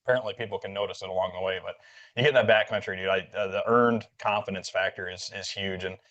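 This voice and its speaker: A man with a low voice tells a hunting story at a rapid clip, stacking up fillers and acting out what people said. The sound is dull and lo-fi, like a cheap podcast recording. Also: steady tone, fairly bright tone. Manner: rambling, filler-heavy, acts out quoted dialogue. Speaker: podcast host. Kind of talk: casual storytelling chat. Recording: dull lo-fi audio.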